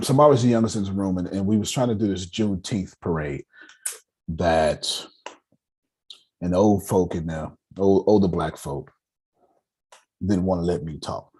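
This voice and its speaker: A man's voice: deep voice, darkish tone, breathy edge. A man giving a folksy, preachy motivational talk to a live audience, often turning to his listeners directly. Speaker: motivational speaker.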